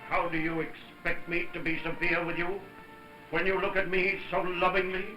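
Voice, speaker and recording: An actor playing a wry, teasing older gentleman who chides the young people with a fond air in a 1930s film. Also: sits high, completely flat delivery, moderate pace, close to an everyday voice, rough recording. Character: older man, wry fatherly uncle figure. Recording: 1930s film soundtrack with music.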